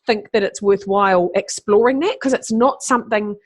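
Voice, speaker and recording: Speaking at a normal speed in a mid-range voice, a middle-aged woman talks animatedly over a remote call, cursing freely in a casual conversation. She's there as a podcast guest and keynote speaker.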